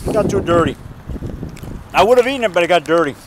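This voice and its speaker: A man's voice: high voice, lively intonation, fast talker, a little hiss or hum, rough recording. A man vlogging casually outdoors, rambling and joking and chuckling at his own jokes.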